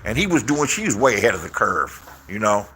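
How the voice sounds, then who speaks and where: Bright-voiced man in a profane rambling rant. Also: fairly low pitch, very animated, fairly quick, breathy edge. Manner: profane, rambling, repeats phrases. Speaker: streamer telling stories. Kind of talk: casual storytelling rant.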